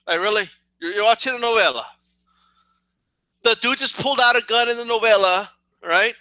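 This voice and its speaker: Brisk and pausing often, a boxing vlogger with a high voice delivers an animated, comic rant straight to camera, with a dry, roomless sound. He coughs slightly, curses freely, trips into stammering repeats, and acts out shouting.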